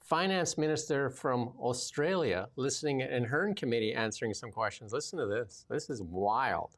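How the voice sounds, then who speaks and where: A man's voice: medium pitch, lively intonation, moderate pace. A man hosting a casual political talk show, rambling with many fillers. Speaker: podcast host.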